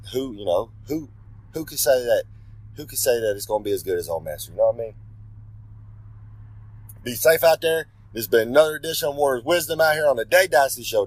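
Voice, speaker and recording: A man's voice: mid-range voice, no echo, rough recording. A man delivering a rambling, swaggering wrestling promo, talking about himself in the third person. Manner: rambling, with self-corrections. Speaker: pro wrestler giving a regular segment.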